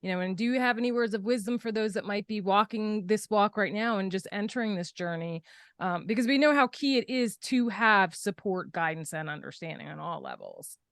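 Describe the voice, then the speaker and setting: A woman's voice: mid-range voice, expressive, fairly quick, dry recording, clean studio sound. A woman hosting an interview, supportive, with frequent affirming interjections. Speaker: podcast host.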